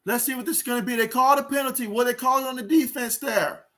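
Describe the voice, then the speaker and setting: A man hosting a sports livestream, calling a football game play by play, talking to viewers and reading out their chat comments in an excitable way. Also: very high voice, fast.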